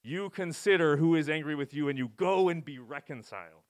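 A man preaching a casual, conversational sermon, rambling and self-interrupting with wry asides and animated swings. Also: on the high side, brisk. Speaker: pastor.

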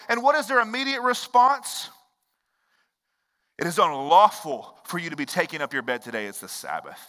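A man preaching a sermon as pastor, swinging between loud exclaims and hushed low lines and acting out the quoted voices of characters. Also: in a large hall.

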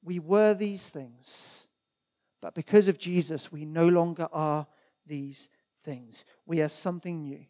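Speaking a little slowly, a preacher in a church delivers his sermon in a medium-pitched, mellow, darker-toned voice. He is earnest and emphatic, using repetition to hammer each point and reading Bible verses aloud throughout.

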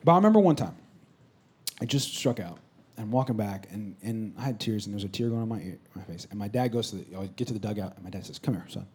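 A man in his thirties, a pastor preaching a sermon in a church, moving between loud exclamations and soft whispered asides. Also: lowish voice, animated, quick pace, breathy edge. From California. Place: church sanctuary.

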